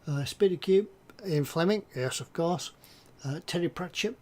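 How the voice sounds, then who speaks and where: A man's voice: fairly high pitch, normal speed. An older man hosting a live stream, chatting casually and hesitantly as he reads out viewer comments. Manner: rambling, hesitant, lots of ums and restarts. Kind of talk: casual chat while reading viewer comments.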